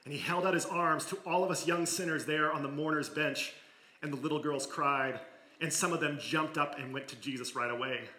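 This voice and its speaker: A man gives a sermon, reading a story aloud with feeling. His voice is bright and a little high, and it drops to a near hush in the quiet parts. The sound carries an echo from the room. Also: a little fast. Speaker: preacher. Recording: echoey room.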